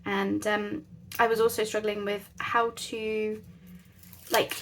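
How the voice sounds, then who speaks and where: A woman's voice: mid-range voice, flat delivery, slow, fairly bright tone, a little hiss or hum. A woman hosting a casual craft tutorial, chatting in a rambling, self-deprecating way at her craft table at home. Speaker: crafting channel host.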